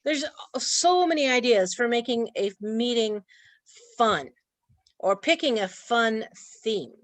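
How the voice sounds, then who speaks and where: A woman's voice: fairly high pitch, animated, slow, dry recording. A woman presenting an online training talk in a chatty way, laughing often. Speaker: workshop presenter.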